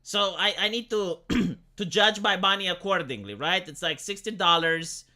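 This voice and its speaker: A high-voiced man livestreaming, his tone bright and cutting. He rants sarcastically about film reviews, swears freely, and trips over his own restarts. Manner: ranting, sarcastic, profane; halting, with many restarts.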